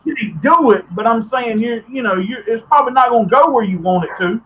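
A man's voice: very high-pitched, lively intonation, a little fast, highs cut off, slight background noise. A man hosting a podcast, ranting bluntly and profanely, getting heated at times. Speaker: podcast host. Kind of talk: ranting commentary.

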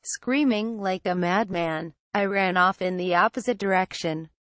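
A woman reads a first-person horror story aloud in a calm, measured voice. Her pitch sits in an ordinary middle range. The recording is dry and close, with no room sound. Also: no room sound. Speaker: narrator. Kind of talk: scripted horror story narration.

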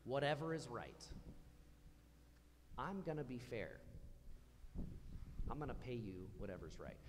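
A man preaching in a church, talking to the room in a relaxed, conversational way and putting questions to the congregation. His voice sits at an ordinary pitch and carries a long reverb from the hall, with a faint hum underneath. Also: unhurried. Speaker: pastor. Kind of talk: sermon.

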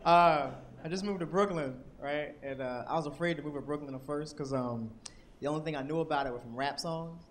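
A young man from Washington, D.C. performing stand-up comedy on stage, animated and acting out characters in shouted voices. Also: fairly high pitch, fairly quick, a little hiss or hum. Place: comedy club stage with audience.

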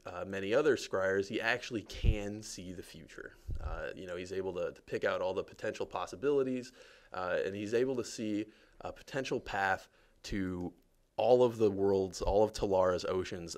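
Male game developer, deep gravelly voice, chatty, jokey live commentary. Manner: chatty and jokey, many fillers. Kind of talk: casual live gameplay commentary.

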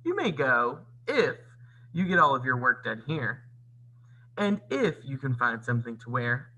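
A man's voice: mid-range voice, big pitch swings, measured pace, sharp tone, slightly rough, muffled recording, heavily acted. A man voicing a cruel, bossy older stepmother in a read-aloud storybook, with a cold, clipped way of giving orders. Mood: commanding.

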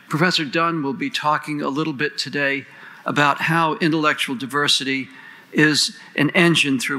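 Gravelly, bright-voiced man giving a formal speech. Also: fairly high pitch, rough recording. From United States. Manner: earnest, rhetorical, lists and questions. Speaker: panel moderator introducing speakers.

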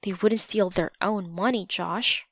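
A woman reading a loyal steady boy. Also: medium pitch, a little slow, no echo. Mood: earnest. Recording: slightly dull lo-fi recording.

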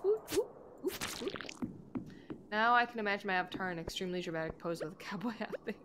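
Background noise and game music accompany a woman whose mid-range voice moves very fast. She's a gaming streamer, rambling and giggling often in playful live chat during play.

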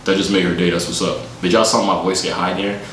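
A young man chatting with strangers on a video app, teasing and playful, talking in a deep put-on voice. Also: little pitch movement, quick pace. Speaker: YouTuber. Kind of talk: casual video chat with strangers. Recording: echoey room with faint noise.

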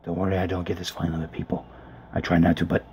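Man, low monotone whisper, profane muttered gameplay commentary from a closet. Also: fast talker. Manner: hushed, grumbling, profane. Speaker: let's player. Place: small closet. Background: faint background noise.

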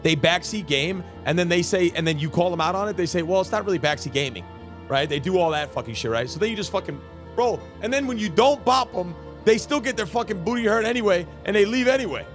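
A man's voice: high-pitched, animated, fast talker, faint music behind. A man streaming a game, ranting heatedly and swearing constantly in casual chat. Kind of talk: casual live-stream rant.

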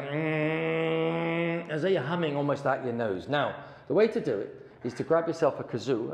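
A middle-aged man with a mid-range, darkish voice teaches saxophone hands-on, friendly and encouraging as he plays sounds for a student. Faint background noise and a roomy echo fill the recording.

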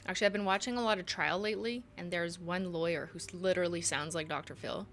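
A woman's voice: lowish voice, fairly even intonation, fast talker, fairly bright tone, slight background noise. A young woman streaming a game live, chatty and giggly, swearing freely and slipping into joke voices. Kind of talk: casual live gameplay commentary.

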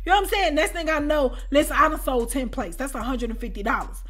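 High, bright-voiced woman telling a story. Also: quick pace. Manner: animated, breaks into shouts; repeats a conversational tag often. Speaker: storyteller and channel host. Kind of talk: storytime vlog.

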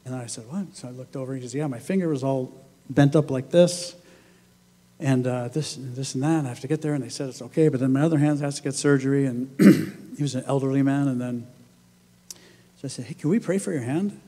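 A pastor delivering a sermon in a church, telling stories in a conversational way and acting out what people said. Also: male voice, mid-range voice, a little fast, warm tone, big-room sound. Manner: conversational storytelling, acts out quoted voices, laughs often. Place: church sanctuary.

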